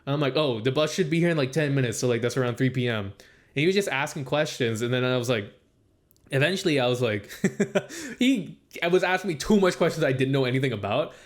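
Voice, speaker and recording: A man's voice: animated, fast talker. A young man co-hosting a casual podcast, telling a long story full of "like" and acting out what people said. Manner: rambling storytelling, heavy use of "like"; acts out quoted speech with raised pitch. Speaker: podcast co-host. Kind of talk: casual chat.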